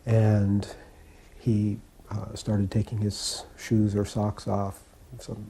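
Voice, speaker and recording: A man in his sixties telling personal memories in an unhurried, reflective way, pausing as he recalls details. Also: lowish voice, monotone, warm tone, a little hiss or hum. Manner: unhurried, reflective storytelling with pauses. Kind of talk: spoken personal reminiscence.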